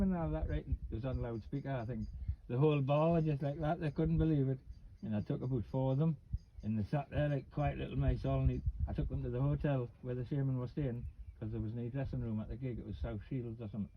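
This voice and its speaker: A man's voice: mid-range voice, fast, few pauses, dull audio, slight background noise. A Geordie man in his fifties from Newcastle, chatting casually and rambling through stories, acting out what people said. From Newcastle, England. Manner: rambling, animated storyteller acting out quotes. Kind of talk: casual chat, storytelling.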